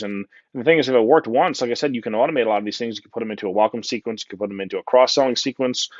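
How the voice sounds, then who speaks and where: A man's voice: mid-range voice, dry recording, muffled recording. A man with a New Jersey accent giving a casual, joking conference talk full of fillers. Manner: chatty, joking, many fillers and "right?". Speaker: conference speaker.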